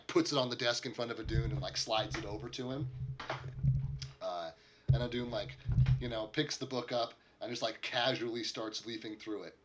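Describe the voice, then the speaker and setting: A man's voice: mid-range voice, a bit bright, a little hiss or hum. A man narrating as a game master in a casual, rambling way, with many fillers.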